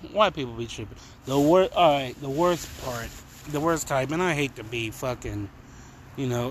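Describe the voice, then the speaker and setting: A man's voice: mid-range voice, a little hiss or hum. A man hosting his own podcast from home, ranting casually with heavy swearing and mocking asides. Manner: profane, heated ranting, mocking. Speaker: podcast host. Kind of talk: casual solo rant. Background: cars passing outside.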